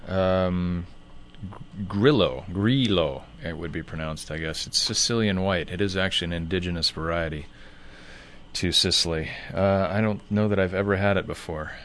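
A man co-hosting a radio wine show, relaxed and agreeable, often answering with short replies. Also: deep voice, normal speed, a little hiss or hum. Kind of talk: casual radio chat.

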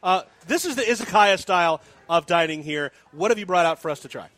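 Man, radio food show host, high voice, bright tone, playful, enthusiastic. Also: lively intonation, a little fast, no room sound. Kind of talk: live radio food talk.

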